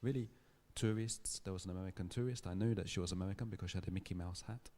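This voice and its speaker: A man giving a public lecture, telling a story in a thoughtful, measured way with small restarts. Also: deep voice, steady tone, darkish tone, slight background noise. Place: lecture hall.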